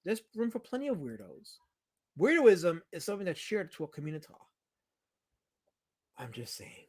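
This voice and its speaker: A man's voice: high voice, sing-song, moderate pace, pauses often, a little mellow. A man hosting a casual livestream, rambling about old movies and teasing his chat. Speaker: livestream host.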